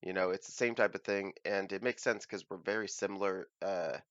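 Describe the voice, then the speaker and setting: A man's voice: deep voice, fairly even intonation, brisk, fairly bright tone, no echo, lo-fi sound. An American man hosting a reaction video, chatting casually and thinking aloud with hesitant fillers and restarts. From United States. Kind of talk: casual commentary.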